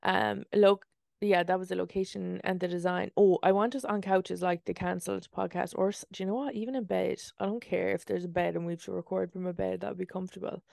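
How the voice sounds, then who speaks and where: A woman's voice: medium pitch, steady tone, quick pace, creaky, a little mellow, dry recording, clean studio sound. A woman co-hosting a podcast, chatting casually in a rambling, profane storytelling way while sitting in bed. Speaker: podcast co-host. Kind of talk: casual chat. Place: in bed in a room.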